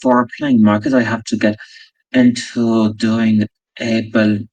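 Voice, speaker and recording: Gravelly, halting man at a game table. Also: lowish voice, little pitch movement, darkish tone, no echo, recorded from a distance, low-quality recording. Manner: halting, filler-heavy. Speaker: player.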